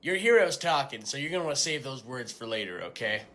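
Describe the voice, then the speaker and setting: A man performing comedy sketches, sarcastic and animated. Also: medium pitch, quick pace.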